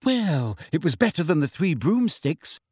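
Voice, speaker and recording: A man's voice: on the high side, huge pitch swings, moderate pace, slightly rough, no room sound, clean studio sound, full character voice. A man doing a prim, defensive teenage witch. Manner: defensive, precise.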